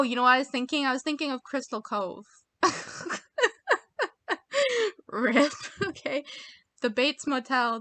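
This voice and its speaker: A woman's voice: high-pitched, sharp tone, dry recording. A young American woman reading quiz options aloud in casual chat, giggly and self-mocking, muttering as she goes. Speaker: video creator taking online quizzes.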